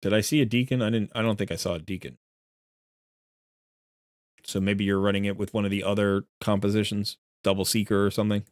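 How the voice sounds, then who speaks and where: A man's voice: fairly low pitch, fairly even intonation, brisk, long pauses, dry recording, clean studio sound. A man giving chatty, rambling live-stream commentary as he looks through a viewer's game account, often correcting himself.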